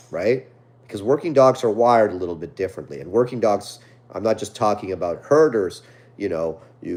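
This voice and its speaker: A man's voice: lowish voice, a little mellow. A man, a dog trainer, hosting a casual live stream where he reads viewer questions and answers them, often tagging his points with "right?".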